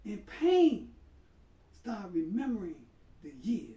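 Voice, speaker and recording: A man, an imam, telling a story in a conversational sermon with emphatic, sudden loud bursts. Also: high-pitched, sing-song, slow pace. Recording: roomy hall, voice far from mic.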